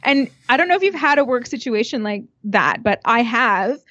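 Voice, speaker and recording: A woman's voice: on the high side, animated, moderate pace, fairly bright tone, no room sound, highs cut off. A Canadian woman chatting casually, telling funny stories, laughing often and swearing freely. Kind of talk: casual chat.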